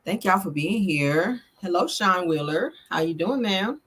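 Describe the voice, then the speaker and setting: A tipsy woman hosts a live stream in a lowish voice. She chats loosely, swears freely and keeps calling her viewers honey and child, laughing as she goes. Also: big pitch swings, unhurried, hardly any pauses, slightly rough. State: a little tipsy. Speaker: host of a live gossip stream. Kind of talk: casual live-stream chat.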